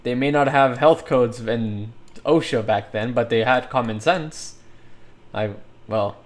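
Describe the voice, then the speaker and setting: While building models in 3D software on a livestream, this man talks in an unhurried, mid-range voice. His chatter is casual and wandering, full of thinking aloud and frequent laughter.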